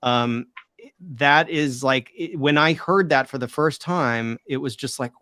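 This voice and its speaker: A man's voice: medium pitch, a little slow, bright, forceful tone, dry recording. Earnest man explaining, dry close sound. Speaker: guest who reads ancient languages. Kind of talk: casual discussion.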